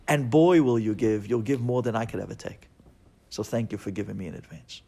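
A man, a rabbi, giving an impassioned sermon that swings from hushed to loud. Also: fairly low pitch, brisk, vocal fry, husky.

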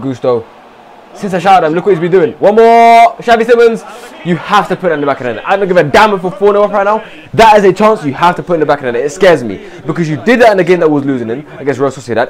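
Man, gaming streamer, animated live commentary, lively up-and-down pitch, fairly high voice. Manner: animated, shouts encouragement at players; mock press-conference answers as the manager. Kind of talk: excited gameplay commentary.

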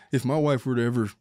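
A man's voice: medium pitch, darkish tone, no room sound. Blunt, opinionated man on a dry mic. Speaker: podcast host and lawyer. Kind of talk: casual legal commentary chat.

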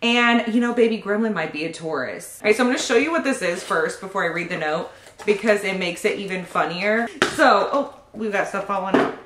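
A woman's voice: mid-range voice, a little fast, a bit bright, slight background noise. A pregnant young woman chats casually in a vlog, giggling and gushing as she opens gifts. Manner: giggly, gushing, often laughing. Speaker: YouTube vlogger. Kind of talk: casual unboxing chat. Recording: roomy echo.

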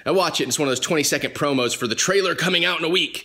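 A young man chatting casually to the camera in a weekly vlog, animated and quick to swear when annoyed. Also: on the high side. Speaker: vlogger.

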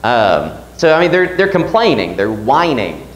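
Lively man teaching a church Bible class. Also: mid-range voice, moderate pace, echoey room, poor audio. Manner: reads scripture aloud and asks the class questions.

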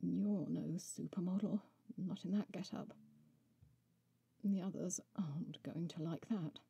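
A woman voicing a male winged horse-like beast in a storybook reading, speaking slowly and teasingly. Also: lowish voice, creaky, dark tone, husky, dry recording, exaggerated voice. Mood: drawling, mocking.

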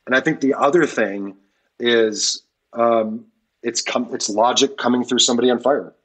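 A man's voice: medium pitch, fairly even intonation, normal speed, a bit bright, husky. A man, a pastor, speaking as a guest on an interview podcast, earnest and repeating key phrases for emphasis.

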